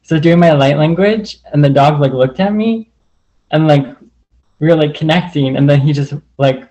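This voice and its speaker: A man's voice: fairly high pitch, normal speed, warm tone, lo-fi sound. A man sharing personal stories in a casual, earnest way, rambling and leaning on the filler "like" over and over. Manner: rambling, heavy use of "like" fillers; earnest and open.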